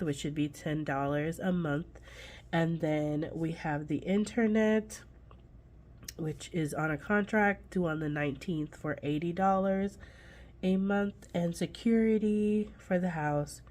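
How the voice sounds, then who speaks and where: A woman's voice: low voice, mellow. A congested woman with a nasal voice, chatting casually to viewers as she sets up her budget binder. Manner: chatty, folksy, talks straight to viewers. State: congested, under the weather. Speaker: budgeting channel host.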